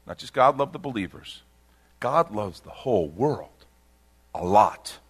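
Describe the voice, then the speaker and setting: A middle-aged pastor preaching a sermon to a congregation, delivered with big swings between loud emphasis and quiet intensity. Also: male voice. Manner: dynamic preaching with big swings in pitch and loudness.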